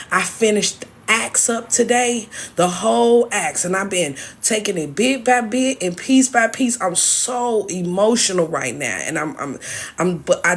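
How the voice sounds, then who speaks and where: A woman's voice: fairly low pitch, husky. A woman hosting a live stream, talking earnestly and emotionally, preaching and repeating herself as she speaks to her viewers. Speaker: TikTok live host sharing a spiritual message. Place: at home, moving around indoors. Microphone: phone.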